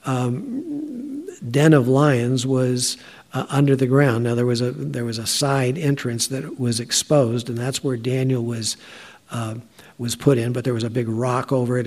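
A man giving a conversational Bible teaching, talking in a halting way with frequent filler sounds. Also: medium pitch, darkish tone.

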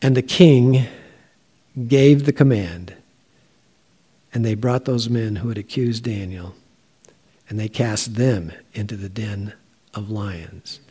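A man giving a conversational Bible teaching, talking in a halting way with frequent filler sounds. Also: lowish voice, dark tone, slightly rough.

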